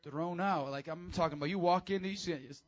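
A man preaching a casual, high-energy sermon to teenagers as youth pastor, with call-and-response. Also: a little fast, highs cut off.

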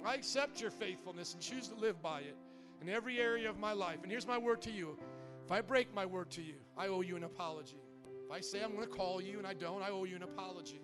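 A male pastor in his thirties preaching a sermon in a church, with impassioned, rising prayer and near tears. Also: high voice. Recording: music playing under the voice.

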